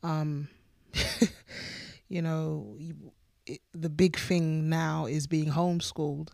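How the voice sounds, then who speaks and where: A woman's voice: deep voice, level tone, takes it slowly, gravelly, darkish tone, no echo, clean studio sound. A woman pastor co-hosting a faith podcast, talking earnestly and emphatically, often repeating words as she builds a point. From United Kingdom. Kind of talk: casual faith chat.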